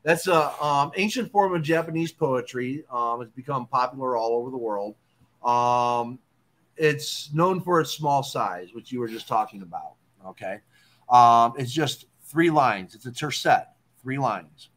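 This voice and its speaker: A man hosting a casual talk show, explaining poetry terms in a relaxed way and checking in with "okay?". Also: medium pitch, a little slow. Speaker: podcast host.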